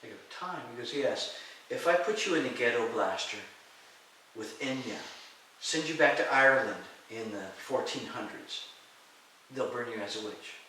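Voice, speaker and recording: In this storytelling interview, a man who guest-teaches Taoist mysticism speaks at ordinary speed and performs characters with a high, shouted voice. The sound is reverberant and faintly hissy, captured from far away.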